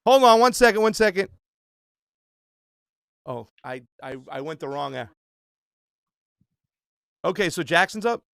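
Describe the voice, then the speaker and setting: Chatty high-voiced man hosting trivia. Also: big pitch swings, measured pace, vocal fry, long pauses, a bit bright, clear, resonant tone, no room sound, clean studio sound. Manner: loose, chatty, frequent fillers and restarts. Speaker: trivia game host. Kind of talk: casual livestream trivia hosting.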